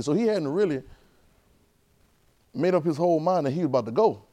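Man preaching, fairly high voice. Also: lively intonation, fast talker, dark tone. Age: 30s. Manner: call-and-response with the congregation, conversational and emphatic. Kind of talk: sermon.

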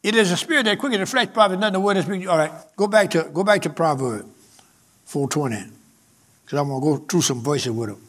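A high-pitched male preacher, delivering a sermon. He repeats his phrases, builds up the emphasis and calls out to the congregation as he goes. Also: quick pace, fairly bright tone. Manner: preaching with swelling emphasis and repetition, calling out to the congregation. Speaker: pastor.

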